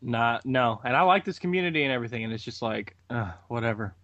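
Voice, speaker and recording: A man of middle pitch talks on a podcast, rambling and restarting with hesitation. His voice sounds dry and close. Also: expressive, fast, a bit bright, dry recording, highs cut off. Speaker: podcast guest. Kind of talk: casual group chat.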